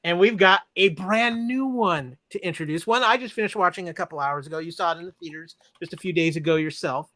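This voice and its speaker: A man's voice: sits high, fairly quick, hardly any pauses, pushed and bright, no echo. A man co-hosting a podcast, talking about movies with playful sarcasm. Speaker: podcast co-host. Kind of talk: casual chat reviewing movies.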